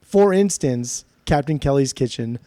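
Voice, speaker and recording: A man co-hosting a podcast, talking about albums in an animated, joking, profane way. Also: mid-range voice, a little slow, dry recording, studio quality. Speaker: podcast co-host. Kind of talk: casual music review chat.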